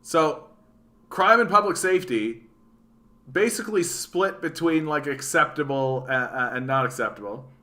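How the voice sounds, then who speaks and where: A man from Canada riffing through a casual political rant, bright and sharp in tone. He reads news items aloud and reacts with sarcasm and swearing. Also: fairly high pitch, lively intonation, moderate pace. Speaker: political commentary streamer.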